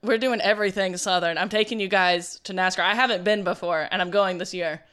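A woman's voice: mid-range voice, steady tone, a little fast, a bit bright, clean tone. A woman from the American South chatting enthusiastically in casual talk. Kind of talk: casual chat.

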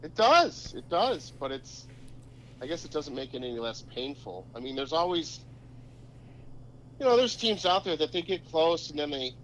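A man in his forties from Minnesota, a podcast guest telling sports stories in a casual, animated way. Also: moderate pace, long pauses, slight background noise, poor audio. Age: 40s. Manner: animated storyteller, pitch jumps when excited. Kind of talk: casual chat.

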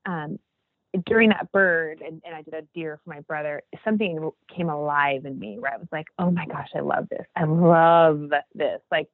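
A woman's voice: low-pitched, fairly quick, dry recording. Earnest woman on a tinny line. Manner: earnest, rambling with many restarts. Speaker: podcast guest. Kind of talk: casual faith chat.

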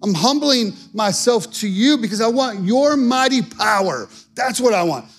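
A man's voice: extremely high pitch, expressive, moderate pace, soft background music. A male pastor preaching a sermon in an earnest, conversational way.

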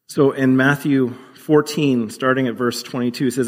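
A man's voice: mid-range voice, steady tone, moderate pace, hardly any pauses, a little mellow. Man preaching in a reverberant hall. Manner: earnest, conversational preaching with fillers. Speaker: pastor. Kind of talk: sermon.

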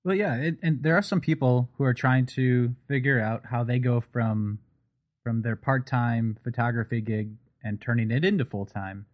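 A man hosting an interview who puts his questions in a measured, thoughtful way. His voice sits at an everyday middle pitch.

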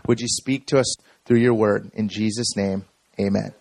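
A man in his thirties giving an energetic, story-driven sermon talk to a room full of people. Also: fairly low pitch, moderate pace, creaky, no room sound. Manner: energetic storytelling, self-described talker. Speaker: speaker. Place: room with audience.

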